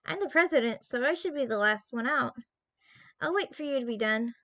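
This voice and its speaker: Woman reads a soft, apologetic schoolgirl club president from a game, high-pitched, quietly spoken. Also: expressive, fairly quick, dry recording. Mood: soothing.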